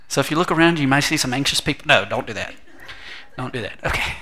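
A middle-aged man preaching a sermon with animated delivery, humorous asides and quoted voices. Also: medium pitch. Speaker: pastor.

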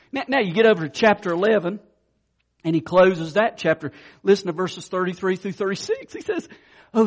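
A man preaching a sermon as a pastor, fervent and excitable, swinging between loud peaks and hushed lows, calling his listeners "guys" and "man". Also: breathy edge.

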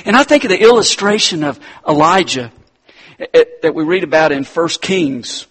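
Husky-voiced man giving a chatty sermon. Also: sits high, normal speed. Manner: relaxed, chatty, addresses listeners as guys. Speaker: preacher. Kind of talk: conversational sermon.

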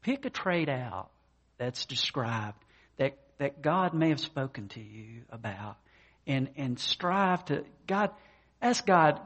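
A man preaching a conversational sermon, talking plainly with many fillers and restarts, and raising his pitch when he voices the people in his stories. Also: animated, takes it slowly, a bit bright, slightly rough. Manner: voices quoted characters in a higher pitch. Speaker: pastor.

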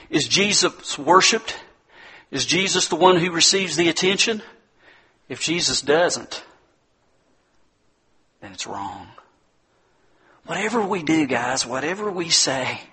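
A man's voice: on the high side, sharp tone, husky. A man preaching a sermon, emphatic and full of rhetorical questions, speaking directly to his listeners. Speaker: pastor.

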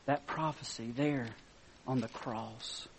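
A man preaching a sermon, reading scripture softly and then rising to loud, excited emphasis, chuckling between points. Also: mid-range voice, slow, a little hiss or hum.

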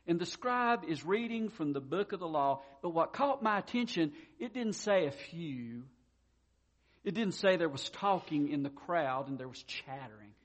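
A pastor delivering a sermon in a somewhat high male voice. He is folksy and conversational and leads into Scripture with a story. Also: lively intonation, moderate pace. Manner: folksy, tells a joke before preaching.

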